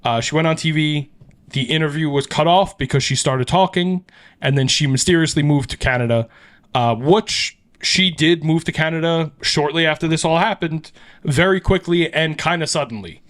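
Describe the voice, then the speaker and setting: A man's voice: fairly high pitch, moderate pace. A man hosting a podcast, casually retelling an urban legend with swearing and frequent laughs. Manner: animated, swears, laughs often. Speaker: podcast host. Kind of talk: casual storytelling chat.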